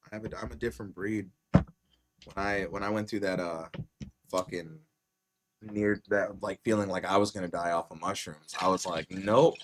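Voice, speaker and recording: A man's voice: sits low, noisy background. A man hosting a podcast, telling a wild story in casual chat, swearing a lot and acting out what people said. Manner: animated storyteller, heavy swearing, acts out quotes loudly. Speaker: podcast host.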